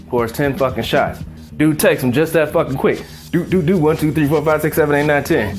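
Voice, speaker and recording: A man's voice: mid-range voice, normal speed, over music. A man hosting a casual home cooking demo, swearing freely and rambling into a joke while he cooks at the stove. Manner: profane, laid-back, rambling storyteller. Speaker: cooking show host.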